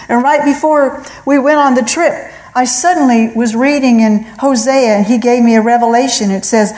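In an earnest spoken testimony, a middle-aged woman recounts her story, performing the voices of God and of callers. She speaks at a normal pace in a slightly high, slightly mellow voice, and the recording quality is low.

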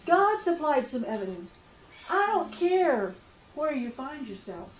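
High-voiced woman giving impassioned testimony. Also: sing-song, a little slow, a little hiss or hum. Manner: impassioned storytelling that swings from hushed to loud outbursts. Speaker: speaker sharing a faith testimony. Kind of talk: emotional personal testimony. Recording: roomy, slightly dull recording.

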